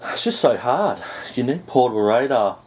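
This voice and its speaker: A man giving excited gameplay commentary, groaning at setbacks and swearing now and then. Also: mid-range voice, normal speed. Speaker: gaming YouTuber.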